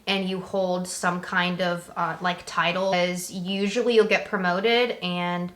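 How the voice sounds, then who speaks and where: A woman's voice: lowish voice, flat delivery, unhurried, fairly bright tone, roomy sound. Frank young woman giving advice. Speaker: Navy veteran co-host. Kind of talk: casual chat.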